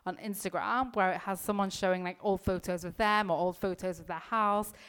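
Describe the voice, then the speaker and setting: Woman coach, casual motivational podcast voice, chatty and emphatic, mid pitch. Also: steady tone, a little fast, fairly bright tone, clean tone. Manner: chatty, heavy use of "like", occasional swearing; emphatic, coaching directly to the listener. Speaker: mindset coach.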